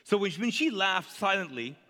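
High, bright-voiced pastor preaching. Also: male voice, a little fast, long reverb tail. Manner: conversational, animated, asks the crowd to fill in words. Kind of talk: sermon.

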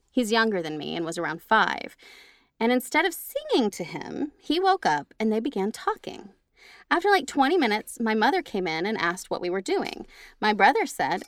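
A woman's voice: medium pitch, big pitch swings, normal speed, no room sound. A woman co-hosting a casual chat, reading spooky stories and teasing her co-host bluntly. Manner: blunt, teasing, swears freely.

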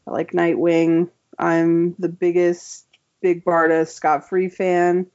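A woman's voice: fairly low pitch, monotone, takes it slowly, darkish tone, highs cut off. A woman guest on an interview show, chatting casually and enthusiastically with lots of filler words. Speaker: comic book writer, guest.

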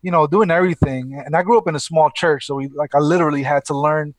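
A man's voice: fairly high pitch, quick pace, no echo. A man from Brooklyn, New York, a church planter answering interview questions over a call, earnest, with many "you know" and "man" fillers. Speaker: church planter, podcast guest. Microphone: call line.

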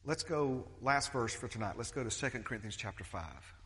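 Pastor preaching in a reverberant hall. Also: male voice, mid-range voice, expressive, brisk, a bit bright. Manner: conversational, full of restarts and quoted voices. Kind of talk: sermon.

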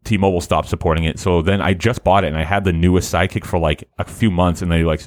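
Male co-host, low voice, a bit hoarse from the morning, loose rambling chat, dry close mic. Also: steady tone, fast, no echo. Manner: laughs often, rambling with restarts. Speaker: podcast co-host. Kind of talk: casual chat.

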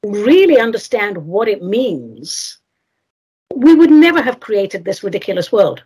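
A woman's voice: mid-range voice, big pitch swings, unhurried, a little mellow, husky. A woman hosting a spiritual radio talk show, speaking earnestly and asking her guest leading questions. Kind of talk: conversational interview.

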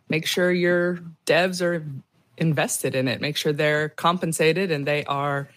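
A woman's voice: sits low, fairly even intonation, slow pace. A woman on a podcast panel, speaking frankly and practically as a business owner. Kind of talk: casual panel discussion.

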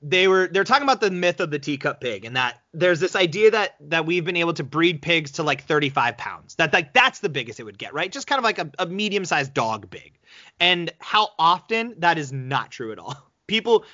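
A man's voice: on the high side, brisk, dry recording, dull audio. A man co-hosting a podcast in casual chat, telling stories animatedly and slipping into voices. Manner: animated storyteller, slips into voices. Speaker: podcast co-host.

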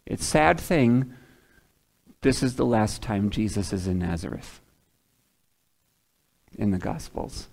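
A man's voice: fairly low pitch, animated, slow, gravelly, long pauses, a little mellow. A man preaching a sermon in a conversational way, asking the congregation questions and acting out the voices of the people in the story. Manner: conversational, dramatizes voices of townspeople. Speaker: pastor.

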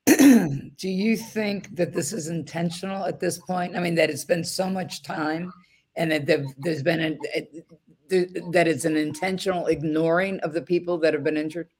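Husky-voiced female interviewer. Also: on the low side, moderate pace, a little mellow. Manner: probing, reassuring questions. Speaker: interview host. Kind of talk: interview conversation.

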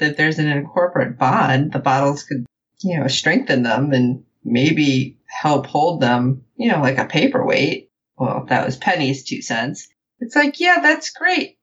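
A woman co-hosting a casual recap show, animated and acting out the characters' lines as she tells it. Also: deep voice, a little slow, highs cut off. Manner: animated, quotes characters in playful voices. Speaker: podcast co-host.

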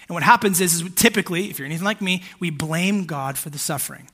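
A man's voice: sits high, fast talker, fairly bright tone, breathy edge. A man in his thirties preaching a sermon in a casual, conversational way, with fillers and asides to the congregation. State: emotional, holding back tears. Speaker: pastor.

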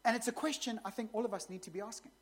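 A woman's voice: on the high side, rapid-fire, slightly rough. A woman pastor preaching a sermon in a conversational way, with joking asides to the congregation.

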